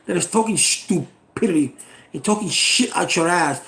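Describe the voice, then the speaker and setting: Channel host, American man, middle-aged: high, fry-edged voice, blunt and profane political rant. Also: lively intonation, moderate pace, a bit bright, echoey room. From United States. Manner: blunt and exasperated, swears freely.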